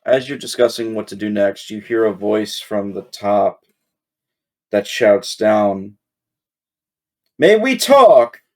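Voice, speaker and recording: A man narrating as game master of a tabletop game, pausing often with ums and uhs. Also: on the low side, flat delivery, a little mellow. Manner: slow, halting narration full of ums.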